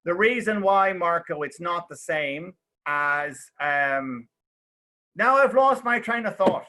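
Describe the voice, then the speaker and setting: A young man runs a relaxed online English lesson, talking in a bright, slightly high voice. He explains with example after example and keeps checking in with his students. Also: slow pace. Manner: chatty, explains with many examples and checks "okay?". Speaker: English teacher. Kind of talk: casual online class.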